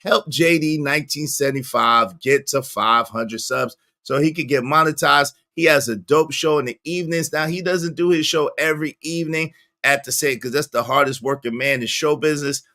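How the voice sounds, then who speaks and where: A man hosting a casual livestream, greeting viewers by name, with sudden jumps into squeaky high tones. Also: normal speed, pushed and bright. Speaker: livestream host.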